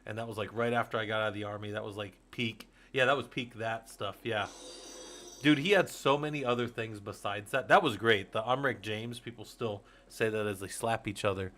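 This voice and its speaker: A man's voice: fairly low pitch, fairly quick, fairly bright tone. A man in his forties hosting a casual livestream, rambling to his viewers, laughing often and swearing casually. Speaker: host of a Linux user group stream.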